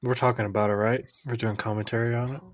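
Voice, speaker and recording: A man's voice: mid-range voice, level tone, fast talker, dry recording, studio quality. Teasing man on a casual podcast. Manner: teasing, laughs easily. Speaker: podcast co-host. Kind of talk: casual chat.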